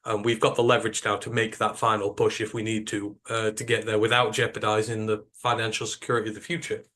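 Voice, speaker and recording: A man's voice: lowish voice, level tone, fast, a bit bright. A British man co-hosting a sports podcast, talking in an emphatic, opinionated way, rambling with fillers. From United Kingdom. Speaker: podcast co-host. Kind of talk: casual sports podcast chat.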